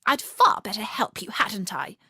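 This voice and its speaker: A woman's voice: mid-range voice, sing-song, normal speed, slightly rough, dry recording, studio quality, exaggerated voice. A woman playing curious young Alice. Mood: amused. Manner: gentle, often hushed and whispery.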